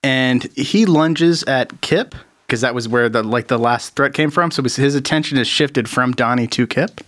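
A man's voice: medium pitch, normal speed, a bit bright. A man narrating a tabletop game as game master, talking loosely and laughing often.

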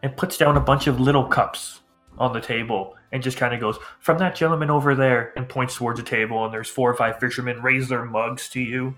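A man's voice: medium pitch, level tone, fairly quick, fairly bright tone, soft background music. Man narrating as game master. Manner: loose, storytelling narration with chanted crowd voices.

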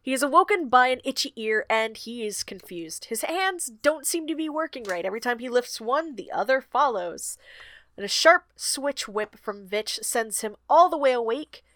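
A woman's voice: a little high, bright, forceful tone, no room sound. A woman co-hosting a podcast, summarizing a book chapter in a casual chat and often laughing. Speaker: podcast co-host recapping a book.

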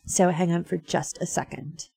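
A woman's voice: fairly low pitch, fairly even intonation, normal speed, vocal fry, mellow, soft background music. A woman hosting a radio show, talking casually with many fillers and small laughs. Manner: chatty, frequent fillers and laughs.

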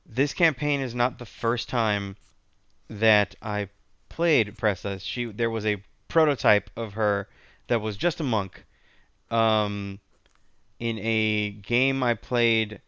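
A man's voice: lowish voice, pushed and bright, clear, resonant tone, dry recording, dull audio. A man chatting casually as a guest about his tabletop character, rambling with many restarts and fillers. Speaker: podcast guest, tabletop player. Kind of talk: casual chat.

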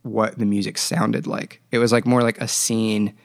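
A man's voice: on the low side, level tone, normal speed, vocal fry, no echo, studio quality. A man hosting a casual band podcast, telling music history in a rambling way and laughing often. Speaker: band member podcast host. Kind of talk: casual chat.

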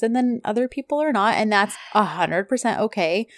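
A woman's voice: a little high, animated, fairly quick, no echo, studio quality. A woman co-hosting a podcast in casual chat, talking easily with many fillers. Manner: chatty, lots of fillers and "like". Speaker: podcast co-host.

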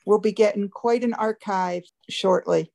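A woman's voice: medium pitch, fairly even intonation, unhurried, gravelly, mellow. A woman, a webmaster, chatting on a conference call as she walks through a website step by step, laughing now and then. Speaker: webmaster giving a site tour.

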